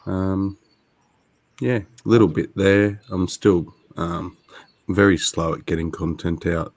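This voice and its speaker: Australian man, very deep voice, slow hesitant talk, dry sound. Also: fairly even intonation, dry recording. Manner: slow, hesitant, many ums. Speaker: guest. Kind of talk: casual livestream chat. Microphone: video call.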